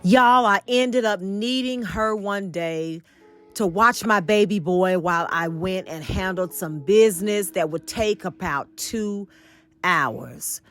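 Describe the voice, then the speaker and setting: A woman home vlogger telling a storytime tale, animated and addressing viewers directly. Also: mid-range voice, slow pace, soft background music. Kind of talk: storytime vlog.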